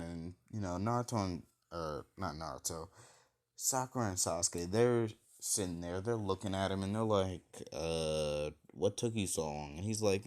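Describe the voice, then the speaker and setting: A young man with a deep, low voice rambles through a fan-made anime story. He is crude and casual, stacking likes and kindas as he goes.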